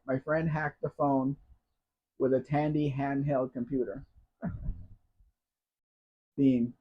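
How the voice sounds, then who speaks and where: An American man hosting a casual live Q&A, chatting and reading viewer comments aloud. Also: mid-range voice. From United States. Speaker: live stream host. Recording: dull lo-fi sound.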